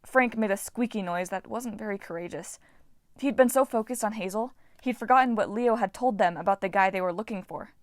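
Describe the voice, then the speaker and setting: A woman reading a novel aloud with steady, even narration. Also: medium pitch, brisk, no echo, studio quality. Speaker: audiobook reader.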